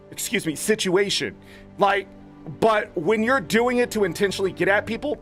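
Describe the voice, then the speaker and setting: A gaming-channel host with a high, fairly bright voice rants in exasperation. His commentary is profane and rambling, stuffed with filler words.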